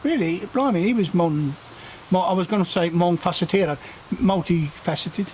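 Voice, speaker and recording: A man's voice: high voice, lively intonation, moderate pace, darkish tone, slight background noise. A man co-hosting a casual outdoor beer chat, chiming in with teasing jokes. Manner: joking, teasing interjections. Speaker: co-host. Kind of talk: casual banter.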